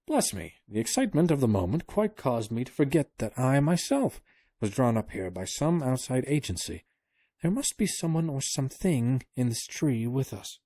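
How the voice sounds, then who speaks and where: Guy putting on a jittery old secretary, fretful, kinda high. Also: normal speed, dry recording. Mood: earnest. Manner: excitable, fretful. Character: timid anxious old male secretary.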